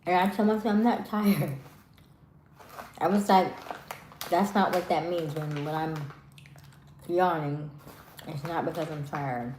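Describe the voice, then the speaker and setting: A woman hosting a live stream, chatting casually with viewers in a soft voice that trails off at the ends of words. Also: deep voice, unhurried, pauses often, echoey room, slight background noise. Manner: chatty, many fillers.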